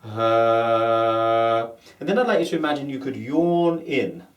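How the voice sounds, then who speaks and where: A man with a standard Southern British accent, giving a calm, methodical lesson on voice placement and demonstrating vowel sounds. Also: fairly high pitch, brisk. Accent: Standard Southern British English. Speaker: voice and accent coach. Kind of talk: instructional lesson. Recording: roomy echo.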